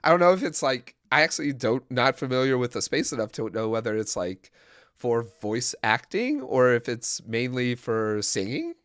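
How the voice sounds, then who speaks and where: A man co-hosts a casual web development stream, talking in a loose, rambling way with plenty of laughs and restarts. His voice sits at an ordinary middle pitch. The sound is dry and close, with no room echo. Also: sing-song, moderate pace, fairly bright tone, clear, resonant tone. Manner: rambling, laughs often, many fillers and restarts. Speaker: co-host. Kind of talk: casual livestream chat about web development.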